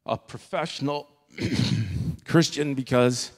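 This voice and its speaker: Man, earnest church testimony, halting with fillers, mid-pitched voice, long hall reverb. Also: steady tone. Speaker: church member giving testimony. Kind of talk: emotional spoken testimony. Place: church stage.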